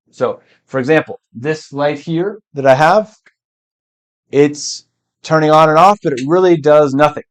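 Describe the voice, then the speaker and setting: A man teaching English verbs patiently, often switching to Spanish to explain and clearing his throat now and then. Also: on the high side. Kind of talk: language lesson.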